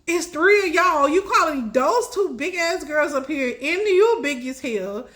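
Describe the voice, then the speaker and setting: A high-pitched young woman spins a casual story, chatty and quick to laugh. Her voice jumps even higher when she gets worked up. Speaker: tarot reader telling a personal story.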